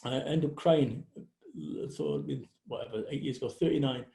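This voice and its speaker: A man's voice: medium pitch, moderate pace, warm tone. A man in his forties from England, a guest speaker telling stories in a blunt, sweary, casual way. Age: 40s. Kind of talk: casual livestream chat. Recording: echoey room.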